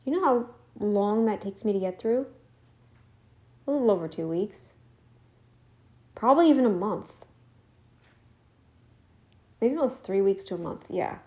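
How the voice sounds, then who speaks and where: A woman's voice: medium pitch, lively intonation, unhurried, long pauses, warm tone. A woman vlogger ranting in casual commentary, emphatic and defiant, repeating herself for effect.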